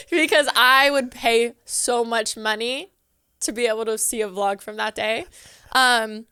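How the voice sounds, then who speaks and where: A young Southern California woman, a guest in a podcast studio, tells a story in a chatty style, saying "like" constantly and acting out things she once said. Her voice is on the high side, unhurried, bright, forceful and smooth. The sound is dry and clean, studio quality.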